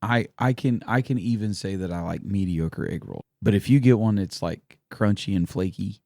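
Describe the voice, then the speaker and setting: A man's voice: lowish voice, moderate pace, a little mellow, no room sound, studio quality. A man co-hosting a podcast, chatting casually in an easygoing, agreeable way. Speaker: podcast co-host. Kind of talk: casual chat.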